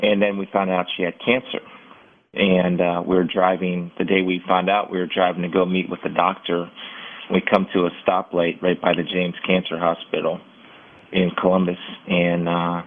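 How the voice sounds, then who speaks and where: Deep earnest man on a tinny line. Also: monotone. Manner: earnest, halting, with many restarts. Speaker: guest, former football player. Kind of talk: candid interview storytelling. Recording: tinny phone-like audio.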